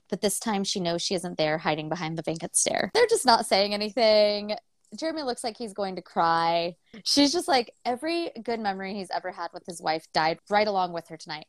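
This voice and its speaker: A woman co-hosting a casual book podcast, retelling the story with animated voices for the characters and casual swearing. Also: fairly low pitch, no room sound. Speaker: podcast co-host.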